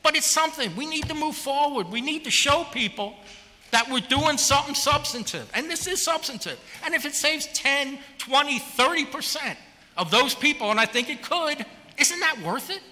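A man's voice: very high voice, lively intonation, moderate pace, bright, forceful tone, in a large hall. A city councilman giving an impassioned, plainspoken floor speech before a vote, pressing his case with repeated rhetorical questions into a podium microphone.

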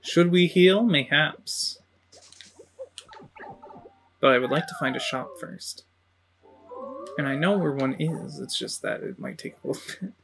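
A game streamer giving casual, laid-back play-by-play commentary in quiet asides. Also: medium pitch, measured pace, gravelly, long pauses, a little hiss or hum.

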